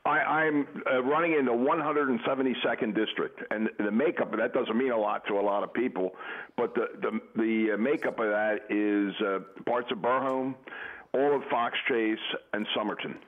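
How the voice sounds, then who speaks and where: An older male candidate calling in by phone, speaking hesitantly with many pauses. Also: mid-range voice. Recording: tinny phone line.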